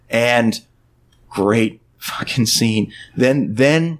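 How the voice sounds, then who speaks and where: A man hosts a casual movie podcast and retells scenes with lively energy, jumping into quoted lines. His voice sits on the low side. He swears freely as he goes. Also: a little fast. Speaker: podcast host. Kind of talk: casual film discussion podcast.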